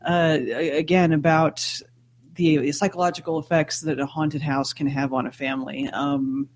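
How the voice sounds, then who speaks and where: A woman's voice: sits low, fairly even intonation, normal speed, darkish tone, a little hiss or hum. A woman co-hosting a casual podcast chat, wry and chatty, laughing often. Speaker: podcast co-host.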